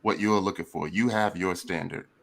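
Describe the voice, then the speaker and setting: A man's voice: low-pitched, steady tone, moderate pace. A man on a review panel, challenging another panelist in a casual debate. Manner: challenging, pressing the other speaker.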